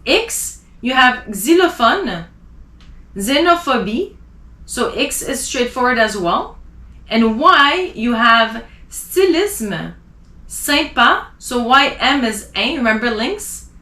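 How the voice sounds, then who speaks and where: A woman teaching a language lesson, slowly drilling pronunciation of example words and explaining each one carefully. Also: fairly high pitch, sing-song, bright, forceful tone, reverberant. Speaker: French teacher.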